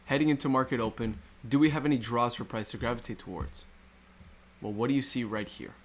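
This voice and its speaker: A man's voice: medium pitch, a little fast, slight background noise. Man walking through charts with rhetorical questions. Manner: rhetorical questions, repetitive explaining. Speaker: trading educator. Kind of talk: screen-recorded chart walkthrough.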